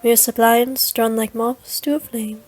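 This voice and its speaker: Woman reading as a sultry game priestess in an odd put-on accent, slow and theatrical, a little high. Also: level tone, a little mellow, low-quality recording. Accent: put-on foreign accent. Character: scheming sultry woman priestess, smooth and flirtatious.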